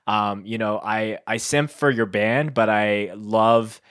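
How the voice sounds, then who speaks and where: A man hosts a podcast in loose, casual conversation, his speech effusive and meandering with many "like"s. His voice sits low, and the sound is dry and close with no room echo. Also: steady tone, slow, fairly bright tone, smooth. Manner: effusive, rambling, heavy use of "like". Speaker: podcast host.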